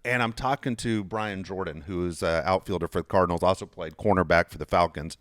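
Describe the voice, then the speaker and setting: A man's voice: low voice, brisk, no room sound, studio quality. A man in his fifties, a podcast host who worked in sports media, telling stories casually and with plenty of swearing, raising his voice when he acts out arguments. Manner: animated, profane, acts out quarrels in a raised voice. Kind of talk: casual storytelling.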